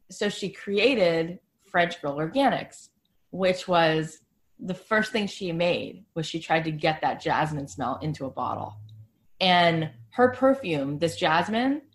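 A woman podcast host telling a story in a casual, chatty way, full of "like" fillers. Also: fairly low pitch.

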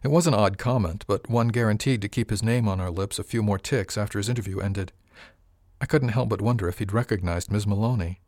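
Low-voiced man reading a story. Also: brisk, darkish tone, no room sound, studio quality. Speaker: narrator. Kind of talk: audiobook narration.

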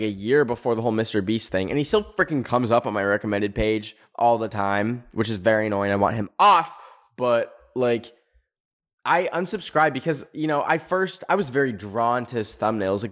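A young male podcast host in a loose, profane rant. He talks sarcastically at a middling pitch, and it jumps sharply higher whenever he gets worked up. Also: normal speed. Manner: animated, profane, sarcastic, pitch leaping up on emphasis. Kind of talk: casual ranting commentary.

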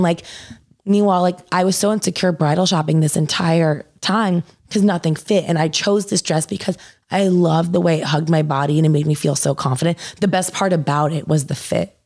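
A young woman with a notably low voice tells a long personal story. She fills nearly every phrase with "like" and swears offhandedly, as casual podcast chat. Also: fairly even intonation, fairly quick, a little mellow. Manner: says "like" constantly, swears casually.

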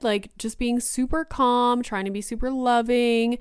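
A young woman podcast host tells a story in a chatty, casual monologue, filling her speech with "like." Her fairly high voice is clean and studio quality, with no room sound, moving at a moderate pace with few pauses.

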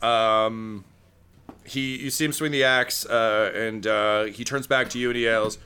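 Bright clear-voiced game master man. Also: lowish voice, steady tone, a little slow. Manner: loose, joking, filler-heavy narration. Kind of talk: narrating a tabletop game.

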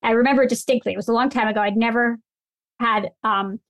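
Woman, food writer guest, casual chat, emphatic, fairly high voice. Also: steady tone, fairly bright tone, no room sound. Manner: emphatic, opinionated, quick asides.

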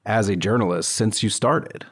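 A man hosting an interview, asking long, musing questions full of hedges. His voice sits low, with a gravelly fry running through it. He keeps an easy conversational tone. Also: moderate pace.

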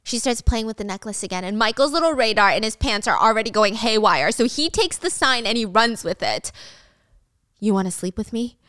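A woman's voice: a little high, lively intonation, brisk, hardly any pauses, a bit bright, smooth, no room sound, studio quality. A young woman retelling a drama in a casual, chatty way, with slangy asides and frequent laughs. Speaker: drama recap host. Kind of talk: casual storytelling recap.

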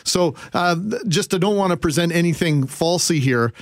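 A man's voice: on the high side, moderate pace, no room sound. A man hosting talk radio in a conversational, polite way, with many fillers. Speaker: radio host.

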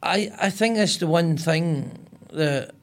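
A man's voice: a little high, slow pace. An older man with a Scottish accent, a comedian guest telling stories in casual chat with many stammered restarts. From Scotland. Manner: animated storyteller with stammered restarts.

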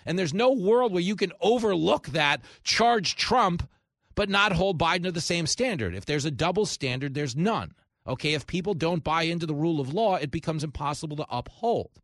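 A man's voice: on the high side, lively intonation, moderate pace, fairly bright tone, no echo. A man hosting a talk radio show, ranting with comic asides and telling jokes into a studio microphone. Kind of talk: opinionated talk radio monologue.

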